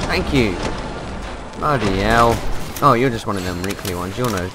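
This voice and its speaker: A young man commenting on a shooter game as he plays, excitable and yelling when things go wrong. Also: medium pitch, fairly quick. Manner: excitable, yelling in panic during fights. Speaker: gaming YouTuber. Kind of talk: gameplay commentary. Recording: gunfire noise behind voice. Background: game gunfire and effects.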